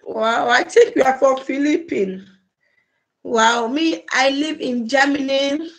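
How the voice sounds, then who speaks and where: High-voiced Nigerian woman hosting a livestream. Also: takes it slowly. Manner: repetitive, pleading, effusively thanking viewers. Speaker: livestream host. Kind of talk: casual livestream chat. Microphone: phone or laptop mic.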